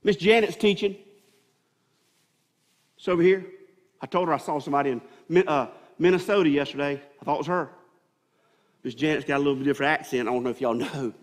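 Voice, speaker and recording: A pastor preaches from the pulpit in a high, ringing voice, repeating and restarting phrases as he builds toward his point. His voice trails off into the long reverb of the church sanctuary around him. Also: fast, pauses often. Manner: preaching with many restarts and rising emphasis. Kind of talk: sermon.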